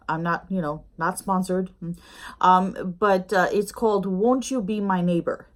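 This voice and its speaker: Chatty, rambling middle-aged woman. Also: on the low side. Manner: chatty, rambling, with many fillers. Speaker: YouTube reviewer. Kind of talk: casual review chat. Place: home with a snoring pet dog nearby.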